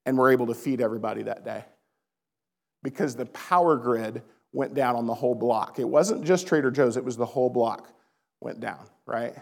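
Man, 30s, pastor; storytelling sermon, gravelly voice, big hall echo. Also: mid-range voice, moderate pace. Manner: storytelling, animated, addresses listeners as guys. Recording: long reverb of a hall.

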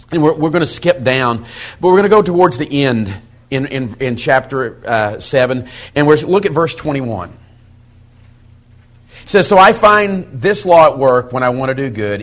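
A middle-aged man preaching to a men's Bible study in a conversational style, swinging from loud emphasis to quiet, intense asides. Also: a little high. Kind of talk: sermon.

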